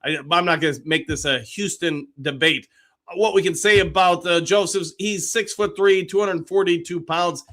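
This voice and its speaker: A man's voice: high-pitched, moderate pace, a bit bright. A man hosting a live sports podcast, chatting casually and reading viewer comments aloud with upbeat cheers.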